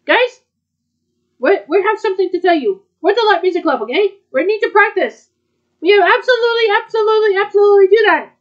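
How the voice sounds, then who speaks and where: A woman's voice: extremely high pitch, lively intonation, fast talker, muffled recording, voice pushed up. A woman voicing an earnest, bossy anime schoolgirl in a band, insisting and repeating herself, in a fan dub. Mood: insistent. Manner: insistent, repeats words for emphasis.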